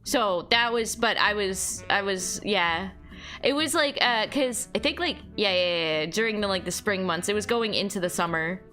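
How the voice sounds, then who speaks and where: A woman's voice: medium pitch, moderate pace, bright, forceful tone, faint music behind. A young woman streaming, chatting casually with her viewers, rambling with lots of fillers and laughing as she goes. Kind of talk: casual chat reading chat aloud.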